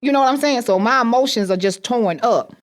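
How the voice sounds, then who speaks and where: Brisk and on the higher side, a woman's voice recounts a personal story with forceful repetition. She performs the voices of those she quotes.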